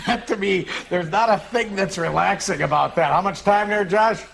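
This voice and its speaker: A man's voice: high-pitched, moderate pace, creaky, fairly bright tone. A man hosting a late-night horror movie show, rambling through playful stories and jokes in loose studio banter.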